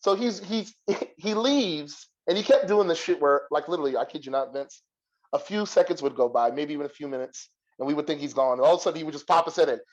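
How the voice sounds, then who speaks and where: A young adult man hosting a podcast and telling a long story in a profane, animated way, laughing often. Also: a little high, quick pace, dull audio. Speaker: podcast host. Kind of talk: casual storytelling.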